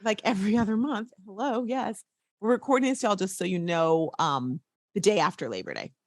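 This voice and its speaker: A woman's voice: medium pitch, animated, brisk, no room sound, clean studio sound. A woman hosting a podcast, chatting casually, rambling and giggling. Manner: giggly, rambling, says y'all. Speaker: podcast host. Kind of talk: casual chat.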